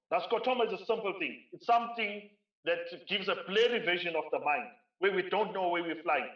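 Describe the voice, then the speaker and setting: A South African man giving a conference keynote speech, emphatic and driving points home by repeating phrases. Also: sits high. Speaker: keynote speaker. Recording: roomy, distant, dull lo-fi sound.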